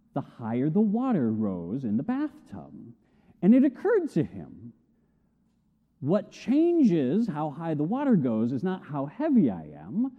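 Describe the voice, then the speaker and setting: Middle-aged male pastor, high and very expressive voice, long hall reverb. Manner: animated storytelling, acts out shouted quotes. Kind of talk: sermon. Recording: tinny phone-like sound with long hall reverb.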